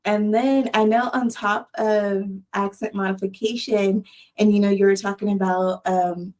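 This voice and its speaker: A woman's voice: medium pitch, darkish tone, rough recording. A woman from Texas with a Texan accent, hosting a podcast in casual chat, laughing often and filling with "like". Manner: chatty, laughs often, says "like". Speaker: podcast host.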